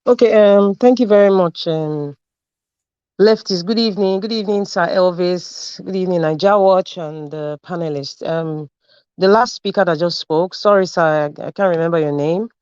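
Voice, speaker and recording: A woman speaking as a panelist in an online debate, emphatic and animated, repeating points for stress. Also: on the low side, moderate pace, smooth, no echo, highs cut off.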